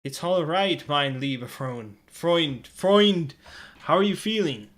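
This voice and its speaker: A man voicing a kindly middle-aged German doctor in a mock German accent, with a stiff, halting cadence. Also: fairly high pitch, lively intonation, fairly bright tone. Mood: earnest. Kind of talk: reading game dialogue aloud.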